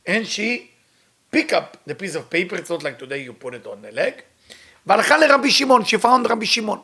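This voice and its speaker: Fast-talking man teaching. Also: high-pitched, big pitch swings, pushed and bright. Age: middle-aged. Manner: reads Hebrew text quickly, then retells it in English. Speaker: Kabbalah teacher. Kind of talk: storytelling lesson with translation.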